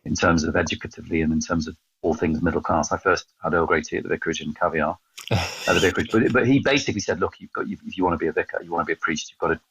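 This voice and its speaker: Husky, deep-voiced, fast-talking English man. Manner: animated storyteller, quick and self-mocking. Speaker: podcast guest, evangelist. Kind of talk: storytelling in a casual interview. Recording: dull, slightly lo-fi sound.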